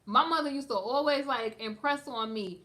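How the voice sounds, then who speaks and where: A woman's voice: high-pitched, moderate pace, bright, forceful tone. A woman giving sassy, emphatic gossip commentary on a live stream, talking straight to her viewers in a slangy, casual way.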